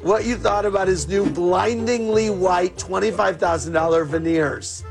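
A man reads questions to a guest on a talk show, sounding amused. His voice is high with a gravelly edge. Music plays behind him. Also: normal speed. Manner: amused, laughing. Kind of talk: reading viewer questions.

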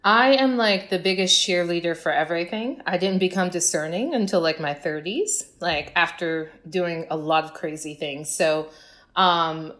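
A middle-aged woman chatting casually as a guest, telling animated stories and acting out her younger self. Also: fairly low pitch, normal speed. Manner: animated storyteller, acts out her past self. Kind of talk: casual podcast chat.

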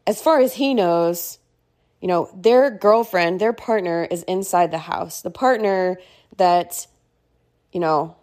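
A woman's voice: medium pitch, darkish tone. A woman in her thirties hosting a podcast, telling a personal story in a casual, rambling way full of filler words. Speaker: podcast host.

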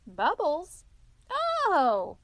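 A woman voicing an excitable male water rat in a storybook reading, bright and eager. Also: fairly high pitch, moderate pace, no room sound. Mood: cheery.

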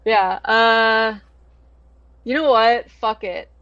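A woman playing a tabletop game, quick and offhand. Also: fairly high pitch, a crowd in the background. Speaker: player. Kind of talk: casual tabletop role-play. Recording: dry, dull lo-fi mic.

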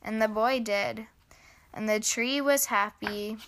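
A woman hosting a children's podcast, reading a storybook aloud in a gentle, measured way. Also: a little high, slight background noise. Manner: gentle, measured narration with a bright sign-off.

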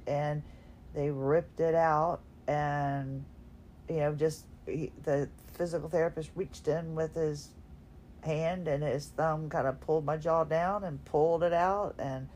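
A woman's voice: low-pitched, a little mellow, slight background noise. A woman hosting a podcast, talking casually from her bed at home in a rambling, self-deprecating way, yawning now and then. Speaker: podcast host. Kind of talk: casual solo podcast talk.

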